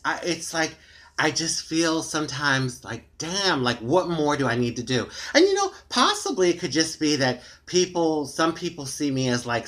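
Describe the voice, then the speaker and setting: A deep-voiced American vlogger rambles candidly to the camera on her tablet, recorded through its built-in mic in a dim room at home. Chatty and frustrated, she leans heavily on fillers like "you know."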